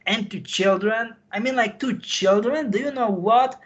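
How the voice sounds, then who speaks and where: A man's voice: high voice, moderate pace, few pauses, dull audio. A man in an emotional call chat, repeating himself and apologizing, with non-native phrasing. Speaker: insider guest recounting missions.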